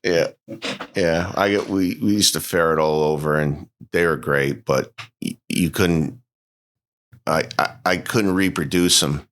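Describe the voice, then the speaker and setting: A podcast guest with an extremely deep, low voice that is also slightly bright chats casually. His speech is halting, as he stops and restarts sentences and leans heavily on fillers.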